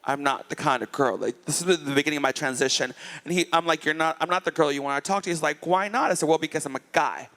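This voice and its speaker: Male drag performer guest, rapid gossipy delivery, slightly high pitch. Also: bright, forceful tone. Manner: fast, gossipy, laughing asides. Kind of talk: casual storytelling chat.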